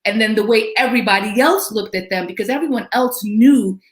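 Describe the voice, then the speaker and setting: A woman's voice: on the high side, brisk, roomy sound. A woman hosting a casual movie discussion podcast, thoughtful and conversational. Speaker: podcast host.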